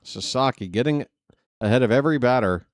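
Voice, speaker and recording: A man's voice: medium pitch, lively intonation, fairly quick, no echo, clean studio sound. A man calling a ballgame play-by-play on a fan live stream, chatty, joking and fussy.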